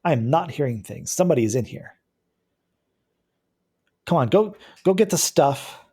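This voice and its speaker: A man's voice: on the high side, expressive, a little slow, dark tone, breathy edge, pitched above the performer's own voice, heavily acted. A man voicing an irritable young woman drug user who complains and bosses others around. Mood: insistent. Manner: bossy, complaining.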